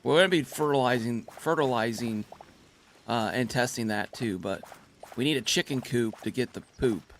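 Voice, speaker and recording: A man hosting his own gaming channel, giving excitable, playful gameplay commentary and laughing easily. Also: medium pitch, moderate pace, a little hiss or hum.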